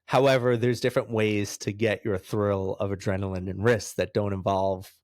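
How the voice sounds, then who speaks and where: A man in his thirties from New York, talking as a podcast guest and acting out the people in his stories. His voice sits fairly low and sounds close and dry, with little room around it. He laughs often as he talks. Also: normal speed, no room sound. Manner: animated storyteller, laughs often, acts out other voices. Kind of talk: casual storytelling interview.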